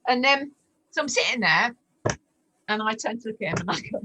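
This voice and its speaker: A woman in her forties telling her faith testimony in a lively, animated way, acting out the voices in her story. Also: brisk, background noise. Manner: animated storyteller, acts out dialogue with big pitch jumps. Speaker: guest sharing testimony. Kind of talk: storytelling testimony in a casual chat.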